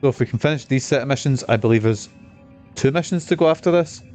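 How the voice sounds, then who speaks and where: A man's voice: mid-range voice, fast, darkish tone, faint music behind. A man with a Scottish accent chatting through a video game, rambling, swearing and mocking himself. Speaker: streamer. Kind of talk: casual gameplay commentary.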